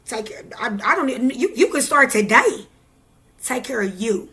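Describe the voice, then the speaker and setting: Bright-voiced woman giving a pep talk. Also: fairly high pitch, lively intonation, normal speed. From Midwest United States. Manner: raw, preachy, talks straight to the viewer. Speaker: tarot reader vlogger. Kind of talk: casual motivational talk to camera.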